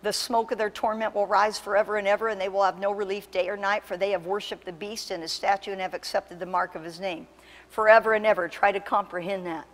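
A woman pastor preaching a sermon with impassioned, emphatic delivery that surges to loud peaks. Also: medium pitch, fairly even intonation, fast, in a large hall. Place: church sanctuary.

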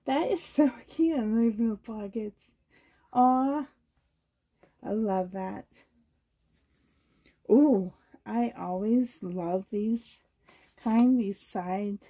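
A hoarse woman from Canada gushing with delight as she unboxes a reborn doll trade for her vlog. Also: medium pitch, drawn-out words, pauses often, warm tone, muffled recording. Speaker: reborn doll collector vlogger.

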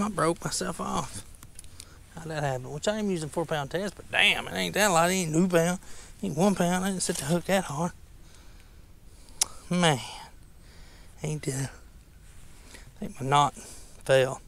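A man's voice: fairly high pitch, vocal fry, slight background noise. Chatty Southern US fishing vlogger, man. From Tennessee. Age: 30s. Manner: chatty, rambling, swears at mishaps. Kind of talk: casual self-talk while fishing.

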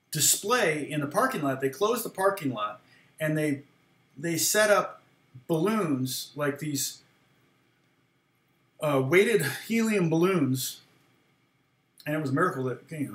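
A guitar teacher who used to lead worship tells a long, meandering story about himself, laughing often and acting out quoted lines. His voice is fairly high and a bit bright, with a roomy sound.

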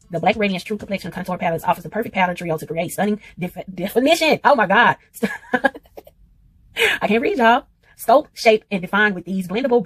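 A woman's voice: on the low side, breathy edge. A young woman beauty vlogger chatting casually through a makeup tutorial, self-deprecating and talking straight to her viewers. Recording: loud hip hop music playing behind.

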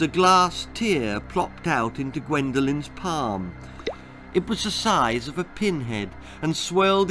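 A middle-aged man narrating his own children's story in an expressive, dramatic way. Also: on the high side.

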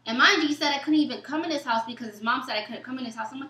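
A woman guest telling a story in a casual chat, animated and acting out what others said, in loose informal speech. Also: sits high, racing. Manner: animated, acts out quoted texts and dialogue. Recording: echoey room.

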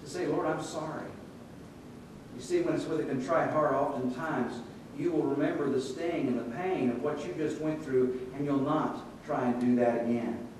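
A man preaching a sermon in a relaxed, conversational way, telling stories and acting out the voices in them. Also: moderate pace, few pauses. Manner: conversational storytelling with quoted voices. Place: church sanctuary. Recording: echoey church room, distant mic, faint rumble.

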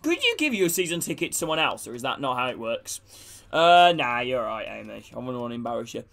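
Here a young gaming streamer plays a football game live, saying hello to viewers and cheering on his teammates with some casual cursing. He talks very animatedly and fast in a mid-range, creaky, slightly bright voice.

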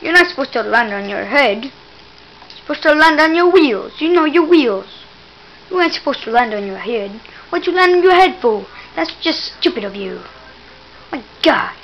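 A woman giving casual gameplay commentary, excitable and teasing, exclaiming again and again and mock-scolding the player. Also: high voice, moderate pace, muffled recording, slight background noise.

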